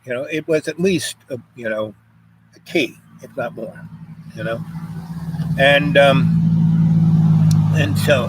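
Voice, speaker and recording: A man's voice: mid-range voice, slow, pauses often, slight background noise. An older man from Jamaica telling a rambling personal story, full of "you know" and "um" fillers.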